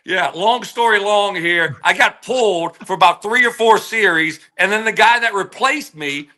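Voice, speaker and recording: A man's voice: high voice, sharp tone. A man in his forties, a former wide receiver and podcast guest, telling a story casually and animatedly, his voice jumping up when he replays his own outbursts.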